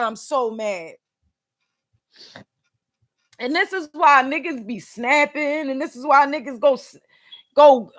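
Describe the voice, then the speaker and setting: A woman's voice: sits high, fairly bright tone. A young woman from Philadelphia, upset and near tears, ranting bluntly and with heavy profanity on a live stream. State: tearful and upset. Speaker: vlogger and podcast host. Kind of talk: emotional live-stream rant.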